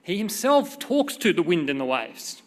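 A middle-aged man preaching a sermon in a conversational, expressive way, with a short prayer and personal stories. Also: high voice, moderate pace. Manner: conversational, expressive, reads scripture dramatically. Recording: long hall reverb.

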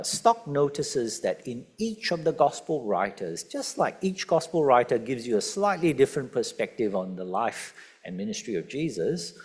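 A man preaching a sermon, asking the congregation questions and stressing key words. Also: fairly low pitch. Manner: lively, questioning the congregation, emphatic quotes. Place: church.

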